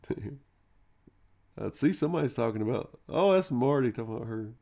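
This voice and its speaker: A man's voice: medium pitch, expressive, slow, creaky, pauses often, warm tone. A man hosting a live stream, telling a rambling childhood story casually, with swearing and fillers. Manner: rambling, profane, full of fillers like "man" and "you know".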